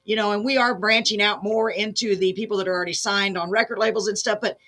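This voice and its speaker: A woman hosting a music show, gushing with effusive praise and losing her voice, clearing her throat now and then. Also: mid-range voice, steady tone, quick pace, a bit bright. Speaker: show host. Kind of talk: casual interview chat.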